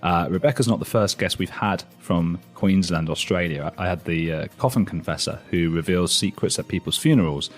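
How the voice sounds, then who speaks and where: A man with a very low, deep voice hosts a podcast in a chatty, self-mocking way, dotting his talk with fillers. Faint music sits quietly behind him. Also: normal speed, few pauses. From England. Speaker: podcast host. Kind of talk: casual chat and spoken intro.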